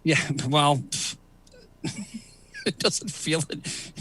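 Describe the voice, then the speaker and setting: A man's voice: a little high, very slow, pushed and bright, husky. A middle-aged man hosting a casual comedy chat, rambling with fillers and laughing often. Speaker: host.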